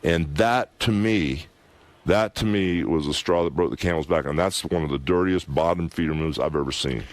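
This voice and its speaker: A man's voice: very deep voice, moderate pace, no echo. A middle-aged man, a former wrestler, telling a long personal story as a radio guest, emphatic and rambling with lots of "you know" and "anyway". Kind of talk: candid radio interview storytelling.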